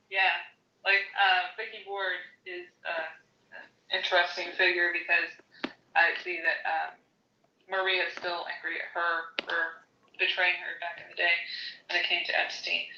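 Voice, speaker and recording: A woman hosting a podcast in casual chat, blunt and quick to laugh. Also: fairly low pitch, pushed and bright. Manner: chatty, laughs often, blunt. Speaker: podcast host. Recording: echoey, dull lo-fi audio.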